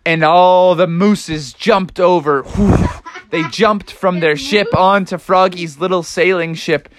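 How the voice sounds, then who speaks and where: A young woman telling an improvised storybook adventure to children in a lively, playful way. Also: lowish voice, slow.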